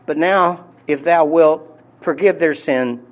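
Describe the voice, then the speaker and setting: Man preaching, conversational teaching tone, somewhat high voice, muffled lo-fi recording. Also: slow pace. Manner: conversational teaching with many fillers and restarts. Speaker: pastor. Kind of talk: sermon.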